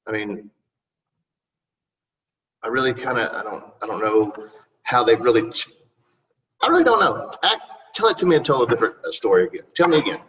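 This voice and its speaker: A man's voice: medium pitch, animated, a little fast, pauses often, fairly bright tone. A middle-aged man, a city council candidate answering interview questions in a rambling, folksy and polite way. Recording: distant, muffled recording.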